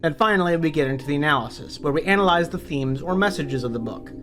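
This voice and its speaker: A man's voice: fairly high pitch, lively intonation, fast talker, music in the background. A man narrating a book summary for his online channel, upbeat and conversational, with the odd casual swear. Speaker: book review YouTuber.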